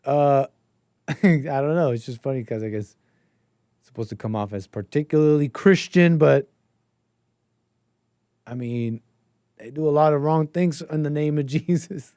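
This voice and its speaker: A man's voice: on the high side, a little slow, pauses often, warm tone, dry recording. A man hosting a casual political commentary stream, rambling, thinking aloud and laughing often. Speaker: host.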